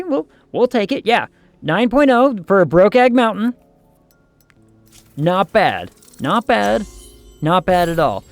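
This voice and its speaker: Casting note: male streamer, slightly higher voice, chatty, thinks out loud, dry close-mic sound. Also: gravelly, no room sound. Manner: chatty, thinks aloud, jokes with chat. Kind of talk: casual game commentary.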